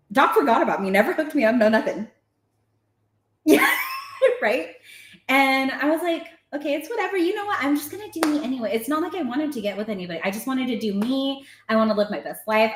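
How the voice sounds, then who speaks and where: Animated woman telling a story. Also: medium pitch, reverberant. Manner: animated, laughing, acting out quotes. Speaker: podcast guest. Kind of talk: casual storytelling.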